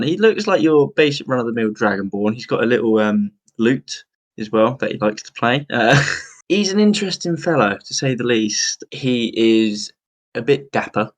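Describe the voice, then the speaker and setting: A man playing in a tabletop game, introducing his character in a hesitant, casual way. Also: mid-range voice. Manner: hesitant, with ums and laughs. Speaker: player. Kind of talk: casual chat.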